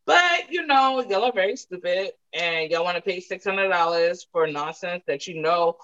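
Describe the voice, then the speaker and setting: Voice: medium pitch, lively intonation, moderate pace, fairly bright tone, lo-fi sound. A speaker in a casual debate, blunt and opinionated, often trailing off into mutters.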